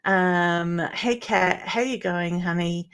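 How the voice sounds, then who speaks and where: A woman's voice: on the low side, slow, fairly bright tone, clear, resonant tone. An Australian woman hosting a live stream, chatting with viewers by name, calling them honey and rambling with lots of ums. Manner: rambling, with many ums and uhs. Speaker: psychic medium hosting a weekly live stream. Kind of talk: live-stream chat, reading viewer comments aloud.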